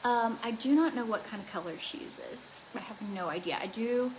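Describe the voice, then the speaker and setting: A young woman with a fairly high voice talks her way through a makeup routine at home, rambling and restarting her sentences. Her chat is loose and full of fillers. A faint hiss sits under the voice. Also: lively intonation, moderate pace, poor audio. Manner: rambling, lots of "like" and restarts, laughs often. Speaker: beauty vlogger. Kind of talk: casual chatty makeup tutorial.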